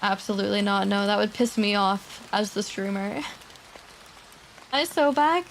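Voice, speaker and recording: A woman streamer chatting casually and quietly with her viewers at her desk mic, laughing often and swearing now and then. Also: mid-range voice, flat delivery, measured pace, vocal fry, slight background noise. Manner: soft-spoken, talking quietly. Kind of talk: casual livestream chat. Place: home streaming setup.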